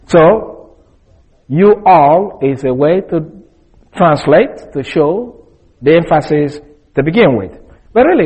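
A male Bible teacher explains a passage in a measured sermon style, pausing often and working through his points step by step. His voice is a little husky and sits slightly high for a man. His pitch rises and falls a great deal as he speaks. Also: a little mellow, dull audio. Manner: deliberate, explanatory, with frequent fillers.

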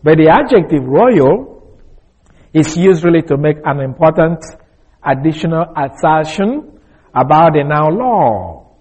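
A man giving verse-by-verse Bible teaching in a deliberate, explanatory way, repeating his key points. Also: a little high, darkish tone, breathy edge, low-quality recording.

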